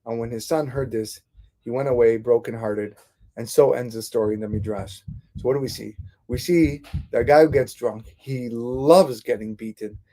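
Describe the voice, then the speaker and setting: A man teaching a Torah class as a rabbi, retelling stories in an animated way with frequent restarts. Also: medium pitch, moderate pace.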